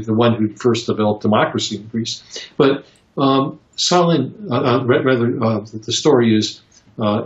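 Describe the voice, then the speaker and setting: A man with a low voice answers interview questions, thinking aloud with frequent ums and restarts. He slips into reflective storytelling. The recording is roomy and a little dull. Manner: halting, many fillers and restarts. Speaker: interviewed psychotherapist.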